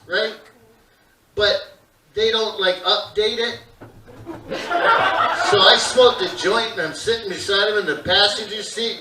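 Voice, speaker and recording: A stand-up comic in his fifties with a very high voice, rambling through lively tangents on a theater stage. He sounds distant and echoey in the hall, and steady audience laughter sits behind him. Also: background noise. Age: 50s. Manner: rambling, animated, off-topic asides. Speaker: stand-up comedian. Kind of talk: stand-up comedy. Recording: echoey live theater from far off.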